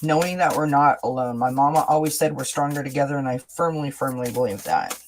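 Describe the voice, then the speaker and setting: The tarot reader on this live stream talks briskly at medium pitch, with a slight hiss or hum on the audio. She is casual and chatty, constantly asking "right?" while doubling back, repeating words, and starting sentences over.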